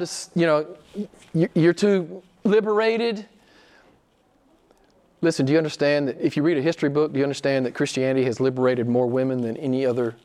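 A man preaching a sermon as pastor, emphatic, firing off rhetorical questions and swinging from loud declarations to hushed asides. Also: fairly high pitch.

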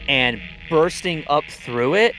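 A man's voice: fairly high pitch, lively intonation, slow, pushed and bright, soft background music. A man narrating as game master of a tabletop role-playing game, in a casual manner.

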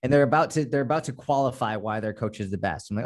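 A man's voice: medium pitch, quick pace. Blunt, profane man with a Boston accent. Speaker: fitness coach, podcast guest. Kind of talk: casual podcast chat.

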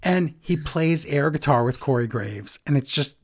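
A podcast co-host recapping a wrestling show in casual chat, sarcastic and animated as they tell the story. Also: mid-range voice, moderate pace, slightly rough.

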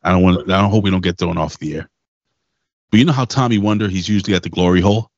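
A lower-voiced man chatting casually on a podcast, swearing freely and rambling through his stories. The sound is dry with no room to it, and slightly muffled. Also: fast talker, no echo. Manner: loose, profane, rambling storyteller. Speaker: podcast co-host. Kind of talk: casual wrestling podcast chat.

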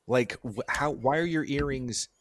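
A man's voice: mid-range voice, a little slow, slight background noise. A man co-hosting a podcast, making wry, sardonic jokes in casual chat. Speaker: podcast co-host.

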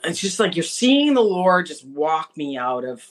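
A woman from Manitoba, a podcast guest telling her faith testimony, acting out conversations with lively animation. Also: sits low, a little slow. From Manitoba, Canada. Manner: animated storyteller who acts out conversations. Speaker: interview guest.

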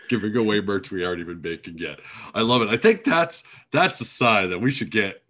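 Man, podcast host, lowish voice, rambling, teasing, filler words. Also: animated, moderate pace, sharp tone. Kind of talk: casual chat.

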